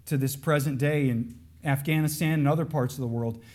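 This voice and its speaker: A man preaching a sermon, earnest, dropping to hushed lines and then rising into raised, pleading emphasis. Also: a little high, fairly even intonation, fairly quick.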